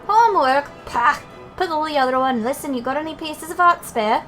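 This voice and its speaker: A woman's voice: high-pitched, fairly quick, fairly bright tone, soft background music, voice pushed up. A woman voicing a cheeky small male fairy sidekick in a game, with a put-on Welsh accent and a blunt, folksy way of talking. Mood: coaxing.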